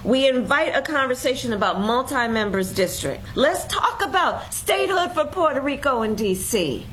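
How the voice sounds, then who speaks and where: A woman giving a measured political speech with deliberate emphasis. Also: high-pitched, very animated, a bit bright, slight background noise, low-quality recording. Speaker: politician in an archive clip.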